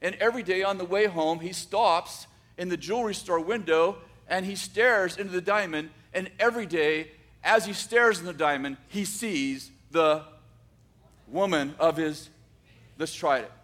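A man with a rather high voice telling a story aloud. He takes his time, drawing out dramatic moments with pauses and frequently backtracking to restart a sentence. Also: a bit bright. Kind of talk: oral storytelling.

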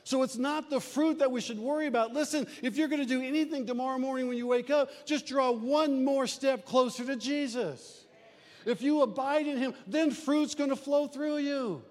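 Man, midwestern roots, folksy conversational preacher; very high pitch, long hall reverb. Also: normal speed, a little mellow. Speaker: pastor. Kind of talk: sermon.

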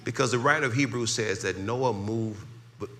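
A pastor preaching a sermon, building from calm teaching to loud, shouted climaxes. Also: male voice, on the low side, moderate pace, a little hiss or hum.

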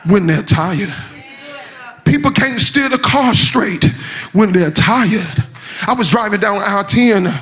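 A man preaches a sermon. He shouts and half-sings his lines as they climb in pitch.

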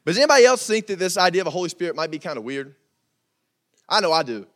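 Man, young adult, youth pastor, casual sermon, animated, joking, high voice. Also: rapid-fire. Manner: animated, joking, talks straight to the crowd. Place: church meeting room.

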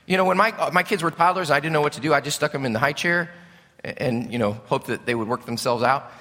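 A middle-aged male pastor preaching a sermon in an animated, conversational way, asking his congregation questions. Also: on the high side, fast. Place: church sanctuary. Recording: long hall reverb.

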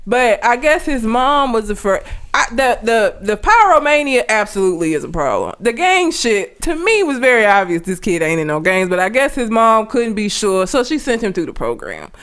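A woman chatting casually with a bright, lively voice that swoops up and down. She tells stories in an animated, profane way and laughs often. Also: on the high side, normal speed, few pauses. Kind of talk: casual chat.

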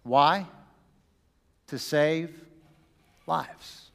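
A man preaching a sermon, dramatic, swinging from loud bursts down to a near whisper. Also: fairly high pitch, animated, moderate pace, in a large hall. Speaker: pastor.

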